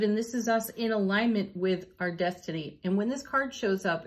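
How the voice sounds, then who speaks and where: Speaking at a medium pitch, a woman leads a spiritual tarot and oracle card reading. She sounds gentle and encouraging, with quiet laughter between the cards.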